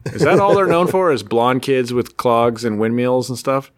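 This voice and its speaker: A man's voice: mid-range voice, lively intonation, moderate pace, dry recording, clean studio sound. A man co-hosting a podcast, chatting casually in easygoing, agreeable banter. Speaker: podcast co-host. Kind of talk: casual chat.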